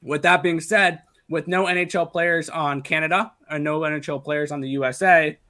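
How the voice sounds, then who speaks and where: A man co-hosting a casual sports betting show, laying out his hockey bets quickly with many fillers. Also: fairly high pitch, steady tone, pushed and bright.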